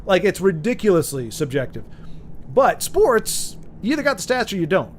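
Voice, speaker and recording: Man, streamer, casual chat, rambling, slightly high voice, faint background noise. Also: big pitch swings, normal speed. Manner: rambling, chatty, with frequent restarts and chuckles. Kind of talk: casual chat while reading viewer comments.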